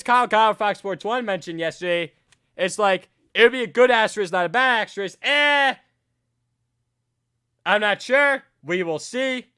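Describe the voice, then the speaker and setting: A man hosting a sports talk show, giving his opinions in an animated way and rising to near-shouts when worked up, often correcting and repeating himself. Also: high voice, smooth. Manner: self-correcting, repeats phrases.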